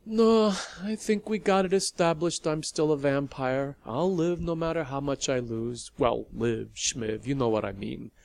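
The narrator of an audio story voicing a wounded woman vampire who is husky, crude and swears freely. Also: medium pitch, steady tone, measured pace, hardly any pauses, darkish tone, no echo. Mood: tender, joking. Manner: swears freely, laughs giddily.

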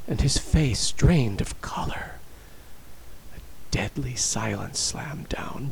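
A man narrating a story in a dramatic, expressive reading style. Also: medium pitch, gravelly, poor audio.

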